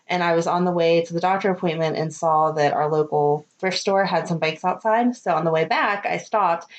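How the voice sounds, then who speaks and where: Casting: middle-aged woman, chatty podcast co-host, casual animated storytelling. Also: on the low side, highs cut off. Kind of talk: casual chat.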